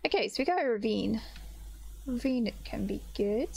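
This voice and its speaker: A woman's voice: on the high side, animated, normal speed, vocal fry, darkish tone, breathy edge. A young woman casually commenting on her own gameplay, chatty and self-mocking, greeting monsters in a sing-song voice. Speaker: gaming channel host.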